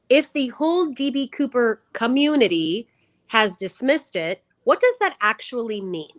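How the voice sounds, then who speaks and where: A woman's voice: a little high, sing-song, unhurried, no echo. Middle-aged woman from California, podcast co-host, earnest and argumentative, dry close sound. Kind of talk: casual chat.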